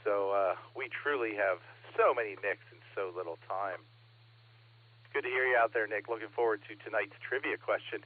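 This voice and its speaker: A man's voice: lowish voice, normal speed. A man running a ham radio net as net control, chatting casually and reading out call signs. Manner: chatty, laughs often, reads call signs. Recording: radio transmission, narrow band.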